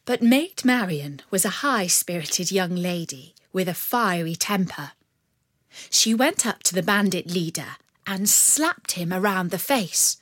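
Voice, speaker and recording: A woman reading a storybook aloud in a measured, expressive way. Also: mid-range voice, dry recording, studio quality. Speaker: narrator. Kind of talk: storybook narration.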